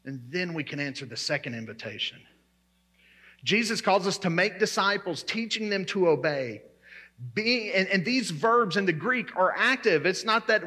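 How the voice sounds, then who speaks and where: A man's voice: high voice, animated, moderate pace, bright, forceful tone. A man preaching a sermon as pastor, emphatic and repeating his key words.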